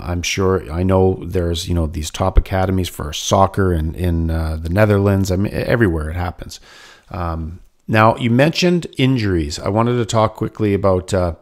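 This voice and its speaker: A man hosts a casual interview in a low-pitched voice. He builds on his guest's points with thoughtful, measured remarks. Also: a little mellow. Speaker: host.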